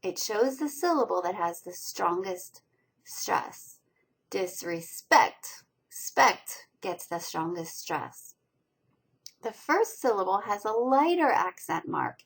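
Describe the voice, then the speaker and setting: A woman teaching college reading skills over slides, explaining pronunciation and stressing each syllable with slow, deliberate enunciation. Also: mid-range voice, sing-song, creaky, husky, poor audio. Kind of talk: recorded lecture over slides.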